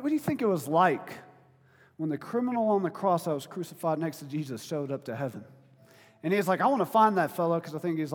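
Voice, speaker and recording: High-voiced man preaching in a hall. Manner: conversational preaching that swings between quiet and loud. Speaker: pastor. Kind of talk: sermon.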